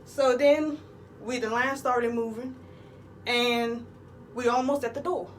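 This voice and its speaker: A woman's voice: a little high, steady tone, slow pace, recorded from a distance, slight background noise, poor audio. A woman telling a crude, rambling comic story outdoors in the cold. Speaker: comedic vlogger. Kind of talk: profane comedic storytelling.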